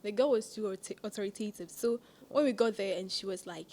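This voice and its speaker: A young woman co-hosting a podcast, telling a school story in a casual, animated way and laughing often. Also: medium pitch, quick pace. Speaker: podcast co-host. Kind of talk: casual chat.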